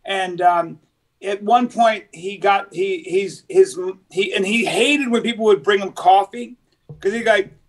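A man's voice: sits high, measured pace. A man co-hosting a casual podcast, telling loose, rambling stories and acting out the people he quotes. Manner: rambling storyteller, acts out quoted voices. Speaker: podcast host. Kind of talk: casual chat.

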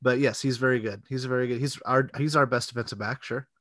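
A laid-back man with a middle-range voice co-hosts a casual sports podcast. He is agreeable in banter and sinks into a low mutter when he gives ground. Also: steady tone, fast talker, a bit bright. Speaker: podcast co-host.

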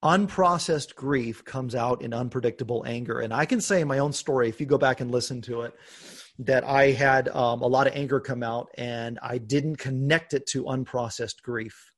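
A man hosting a podcast, talking earnestly and openly about his own life, with bursts of laughter and animated emphasis. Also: medium pitch, normal speed. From United States. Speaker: podcast host. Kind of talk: conversational podcast talk.

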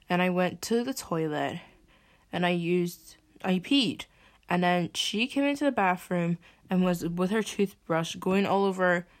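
A young woman, venting and swearing as she hosts a podcast. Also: on the low side. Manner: exasperated ranting, swearing. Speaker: podcast host. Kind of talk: venting monologue.

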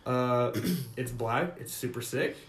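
A man's voice: mid-range voice, slow, a bit bright. A young man telling a story in casual chat, laughing and swearing freely. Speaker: podcast co-host. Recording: roomy echo.

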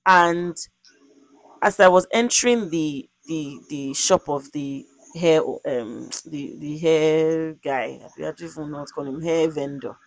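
A young woman telling a story in casual conversation, animated and expressive, acting out quotes and using lots of fillers. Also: sits low, takes it slowly, no echo. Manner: frequent "like" fillers.

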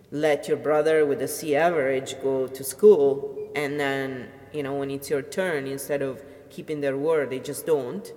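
With a low-pitched, slightly mellow voice and a big-room sound, a middle-aged Italian woman rambles through a personal vlog. She rants bluntly to camera and swears freely.

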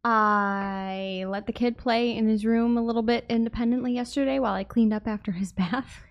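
A woman co-hosting a podcast, telling stories in an animated, giggly way. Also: on the high side, moderate pace, highs cut off. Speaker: podcast co-host. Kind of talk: casual storytelling.

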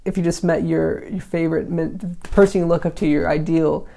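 Podcast host, reads classic poetry and riffs on it casually; gravelly, monotone delivery. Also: mid-range voice, brisk. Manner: reads archaic verse, then paraphrases loosely with many likes and you-knows. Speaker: podcast host reading and interpreting a poem. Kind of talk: casual explanatory reading with commentary.

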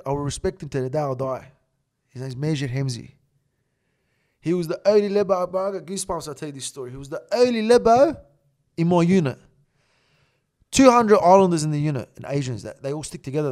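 A man telling a story in a casual interview, animated and full of slang and swearing. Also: fairly high pitch. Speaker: guest.

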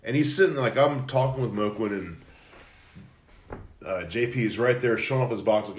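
A man's voice: on the low side, normal speed, reverberant. A man telling a dry, matter-of-fact story about a coworker. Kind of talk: casual storytelling among coworkers.

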